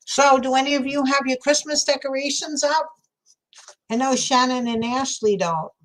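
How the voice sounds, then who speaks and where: A woman's voice: high voice, moderate pace, fairly bright tone. A woman with a New York accent, chatting casually with viewers while crafting, laughing often. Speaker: craft livestream host.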